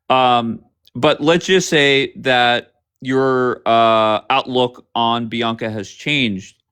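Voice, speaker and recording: A man hosting a livestream, bluntly grilling his guests with rapid questions and frequent swearing. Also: mid-range voice, a bit bright, clear, resonant tone. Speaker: livestream host. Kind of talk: confrontational livestream chat.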